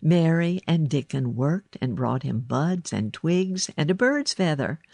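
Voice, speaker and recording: A woman reads a children's storybook aloud, gentle and unhurried. Her voice sits low, her pace is slow, and the recording is dry and close. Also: animated, vocal fry, no echo. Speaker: narrator. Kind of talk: storybook narration.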